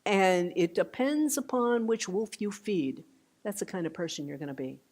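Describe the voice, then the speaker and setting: An older woman giving a meditation talk, gentle and unhurried, with soft trailing phrases and restarts. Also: mid-range voice, expressive. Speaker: meditation teacher. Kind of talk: dharma talk. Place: meditation hall.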